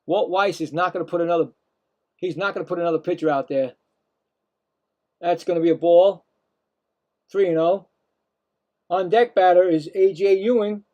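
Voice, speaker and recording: A man calling live play-by-play as a stream host, excitable, ranting at calls and talking straight to his viewers. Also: sits high, normal speed, pauses often, dull audio.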